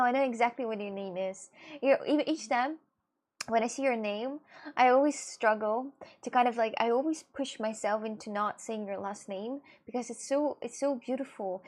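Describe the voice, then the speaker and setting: A woman's voice: on the high side, moderate pace, darkish tone. A woman streaming live, chatting playfully with her viewers and teasing them with mock-serious claims. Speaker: streamer reading chat. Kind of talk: casual live-stream chat.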